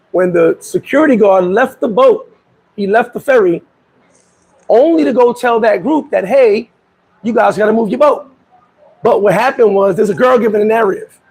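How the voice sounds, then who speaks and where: Raspy high-voiced man telling a story. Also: rough recording. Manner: animated storytelling, acts out quoted voices. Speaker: vlog host. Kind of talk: casual commentary. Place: Dominican Republic.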